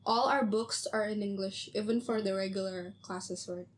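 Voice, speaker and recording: A woman's voice: mid-range voice, steady tone. Indonesian woman chiming in playfully. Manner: quick interjections, teasing, laughs. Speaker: student. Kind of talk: casual chat.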